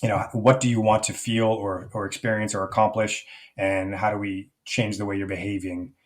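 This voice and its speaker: A man's voice: fairly low pitch, little pitch movement, moderate pace. Reflective man musing with fillers. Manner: reflective, rambling with many fillers and restarts. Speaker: life coach guest. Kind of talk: conversational podcast interview.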